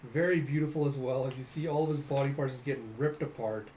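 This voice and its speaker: A man's voice: medium pitch, steady tone, fast talker, a little mellow. A man hosting a casual comic readthrough who narrates the action animatedly and voices the sound effects. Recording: echoey room, faint noise.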